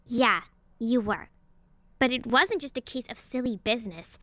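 A woman's voice: on the high side, lively intonation, moderate pace, sharp tone, dry recording. A woman playing a firm young warrior woman. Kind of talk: fan audio drama acting.

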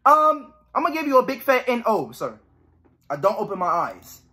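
Animated young man doing game commentary. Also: high-pitched, brisk. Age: young adult. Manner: animated, joking, swearing, reading game text aloud. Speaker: gaming YouTuber.

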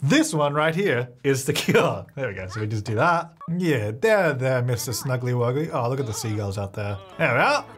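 A man's voice: mid-range voice, big pitch swings, normal speed, hardly any pauses, a bit bright. A man hosting a gaming video, giving chatty, self-mocking gameplay commentary and laughing often.

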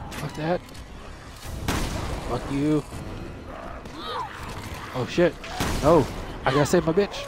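A young man giving casual commentary while playing a video game, excitable and cursing, often shouting at the game. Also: a little high, takes it slowly, long pauses, noisy background. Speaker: gamer.

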